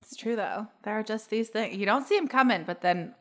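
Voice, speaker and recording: A woman's voice: medium pitch, animated, fairly quick. A young woman co-hosting a podcast in casual chat, laughing often and swearing freely. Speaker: podcast co-host.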